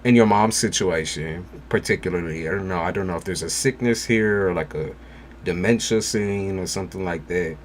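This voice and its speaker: Blunt male tarot reader, low voice, faint background hiss. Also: moderate pace. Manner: blunt, casual, reassuring. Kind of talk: live-stream tarot reading.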